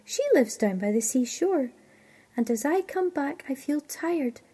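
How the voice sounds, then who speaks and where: A woman voicing a poor, humble young kitchen girl who speaks gently and earnestly. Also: high voice, expressive, a little slow. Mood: gentle. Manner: gentle, earnest, soft-spoken.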